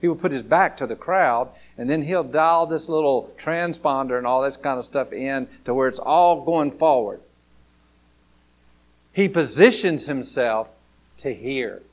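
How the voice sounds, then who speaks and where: A man preaching a sermon in a folksy way, moving from quiet asides to rising, emphatic calls. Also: medium pitch, measured pace. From Alabama, USA. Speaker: pastor.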